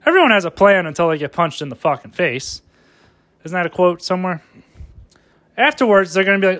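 High-voiced excitable comedian man. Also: a little fast, long pauses. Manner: excitable, riffing, profane. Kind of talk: profane comedic rant.

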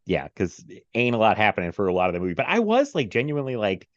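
A man's voice: fairly low pitch, huge pitch swings, fast talker, dry recording. Man, podcast host, casual movie chat, frequent laughs, lo-fi sound, dry. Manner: rambling, laughs often, many fillers.

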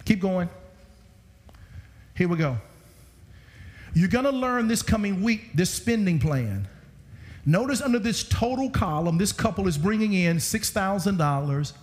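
A man preaching a sermon to a congregation with animated swings in pitch, recorded through a church sound system. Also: unhurried, pauses often. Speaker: guest preacher. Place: church sanctuary. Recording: reverberant church hall.

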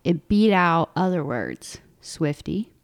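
A woman's voice: on the low side, lively intonation, takes it slowly, vocal fry. A woman co-hosting a political podcast, chatty and explaining things, often laughing. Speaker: podcast co-host. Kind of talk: casual political podcast chat.

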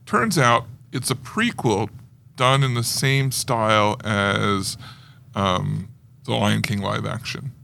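A man's voice: on the low side, takes it slowly, creaky, pushed and bright, slight background noise. A man co-hosting a casual podcast chat, talking loosely with many fillers. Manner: loose, rambling, full of fillers. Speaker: podcast co-host.

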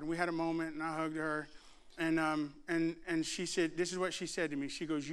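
A man's voice: on the high side, brisk, smooth. A middle-aged man preaching a sermon, telling stories with humor and acting out the voices of others. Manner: animated, jokes and mimics voices. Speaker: pastor. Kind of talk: sermon with storytelling. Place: church before a laughing congregation.

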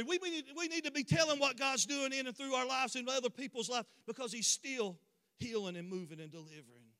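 A man's voice: very high voice, a little fast, bright, forceful tone, clear, resonant tone. A man preaching a sermon, impassioned and building to emphatic declarations. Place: church sanctuary. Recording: long reverb of a large church hall.

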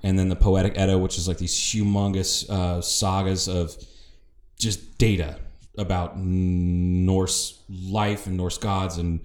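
A man's voice: deep voice, little pitch movement, takes it slowly, a little mellow. A man from the northern United States co-hosting a podcast in casual chat, rambling through tangents and swearing freely. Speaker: podcast co-host. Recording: roomy echo.

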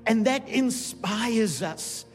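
A man's voice: high-pitched, expressive, very slow. A man preaching a sermon as pastor, rousing and repetitive in call-and-response style. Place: large church hall. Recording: long hall reverb with faint music.

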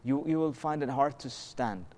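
A man's voice: mid-range voice, normal speed, darkish tone. Man teaching a casual scripture lesson. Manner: casual and explanatory, asks rhetorical questions and checks in with "okay?"; slips into melodic Arabic recitation of verses. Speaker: religious teacher.

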